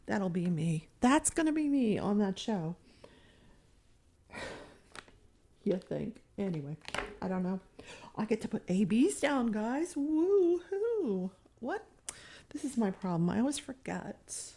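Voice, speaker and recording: A woman's voice: mid-range voice, sing-song, slow, long pauses, warm tone. A woman chatting casually while she works on a diamond painting, rambling and poking fun at herself. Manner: rambling, self-mocking, chatty. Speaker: crafting vlogger.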